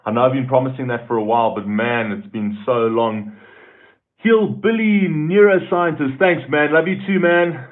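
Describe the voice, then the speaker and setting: A man's voice: mid-range voice, normal speed. A man with a South African accent hosting a casual live stream, chatting loosely and greeting viewers by name as he reads their comments. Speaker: YouTube host reading live chat. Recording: tinny phone-like audio.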